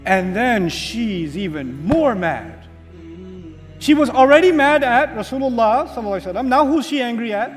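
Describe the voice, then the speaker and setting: A man giving an Islamic lecture, telling a story with dramatic pauses and asking the audience rhetorical questions that he then answers himself. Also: very high-pitched, very animated. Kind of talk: religious lecture. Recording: hall reverb with faint music.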